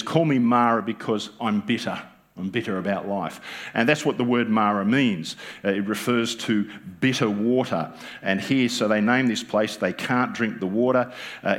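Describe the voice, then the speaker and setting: A man's voice: on the low side, a bit bright. An Australian man preaching a sermon as pastor, conversational and joking with the congregation, often asking them rhetorical questions. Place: church.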